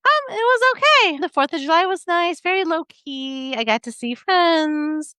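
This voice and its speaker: A woman's voice: very high voice, lively intonation, moderate pace, pushed and bright, dry recording. A middle-aged American woman hosting a podcast, chatting casually and laughing easily with her daughter. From United States. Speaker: podcast host. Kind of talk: casual chat.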